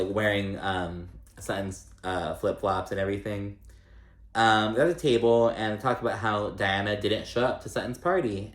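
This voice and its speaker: A man giving a casual, gossipy recap of a reality show, chatty and salty, with lots of "like" and "um". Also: on the low side. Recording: echoey room.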